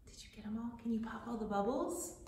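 A woman librarian reading a picture book aloud at storytime, very expressive, dropping to whispers and breaking into little songs, in a carpeted classroom. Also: a little high. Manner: slow, expressive, drops to whispers, sings. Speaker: children's librarian. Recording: roomy echo.

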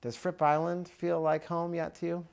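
A man's voice: fairly high pitch, flat delivery, moderate pace, creaky, smooth. A man hosting an interview, asking admiring questions with frequent restarts. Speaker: interviewer, host.

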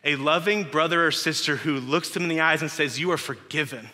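A man's voice: on the high side, fairly even intonation, brisk, pushed and bright. A young man preaching a casual, emphatic sermon full of rhetorical questions, recorded in a church sanctuary. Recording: echoey church hall.

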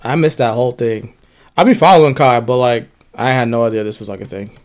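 A man hosting a reaction video, ranting in an animated, joking way. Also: mid-range voice, fairly quick. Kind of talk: casual reaction commentary.

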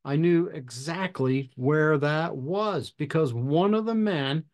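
A man hosting a podcast, telling a fire service story in a measured, deliberate way with pauses. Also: fairly high pitch, a little mellow. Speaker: podcast host and fire officer instructor. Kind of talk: storytelling anecdote.

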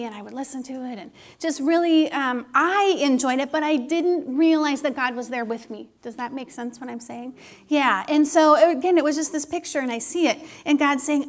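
Earnest high-voiced woman preaching. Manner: earnest, intimate, encouraging, drops to a hushed whisper when quoting God. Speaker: speaker at a church service. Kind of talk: personal testimony sermon.

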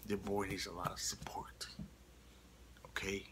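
Guy doing a goofy channel update, slow and lowish, whispers a lot, bit of hiss. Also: monotone, a bit bright, poor audio. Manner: playful, teasing, frequent whispers. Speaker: vlogger.

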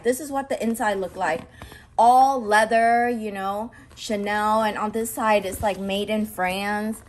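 A woman vlogger gushing over a purse she is unboxing, talking excitedly with lots of fillers and breathless exclamations. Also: medium pitch, unhurried. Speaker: fashion vlogger.

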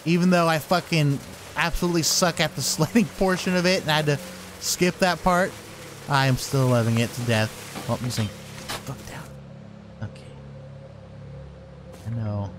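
A man's voice: fairly high pitch, normal speed, long pauses, background noise. A man giving casual let's-play commentary who swears constantly and talks to his sled dogs and to the game. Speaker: gaming channel host.

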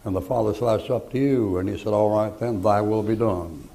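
An older man preaching a sermon, telling folksy stories between loud bursts of preaching. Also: lowish voice, a little fast, creaky, hardly any pauses.

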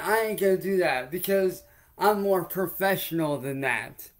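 A man with a fairly high voice delivers a heated, swear-filled livestream rant. He confronts a heckler directly, circles back to the same demands, and then turns to explain himself to his viewers. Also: expressive, measured pace. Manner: repetitive, addresses a heckler then the audience.

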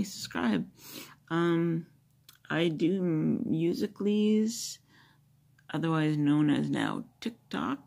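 A woman's voice: lowish voice, gravelly, darkish tone. A woman vlogger chatting loosely to her phone camera, rambling with many fillers and asides. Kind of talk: casual chat to a phone camera.

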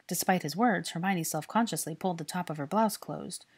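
Husky woman reading a story. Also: low voice, fairly quick, few pauses. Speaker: fan fiction reader. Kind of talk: scripted narration.

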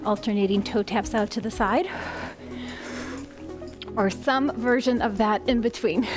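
A woman's voice: fairly high pitch, measured pace. Breathless upbeat woman fitness instructor. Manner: upbeat coaching cues. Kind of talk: guiding a workout. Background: background music.

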